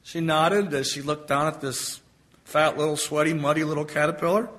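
A man's voice: fairly high pitch, flat delivery, a little fast, a bit bright. A man preaching a sermon and telling a story, emphatic and stretching out key phrases.

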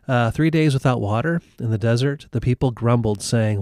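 A man's voice: medium pitch, normal speed, darkish tone, dry recording. A man walks through Bible passages in an easy, chatty way, acting out the quotes. His voice sits in the middle range. The recording is close and dry, with no room sound. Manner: storytelling with acted-out quotes, frequent fillers. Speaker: Bible teacher. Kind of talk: conversational Bible teaching.

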